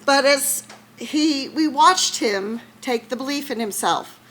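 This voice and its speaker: Female teacher, emotional and teary at a ceremony; bright, slightly high voice. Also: slow pace, poor audio. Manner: emotional, laughing, close to tears. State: tearful. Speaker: math teacher. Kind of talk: award ceremony speech.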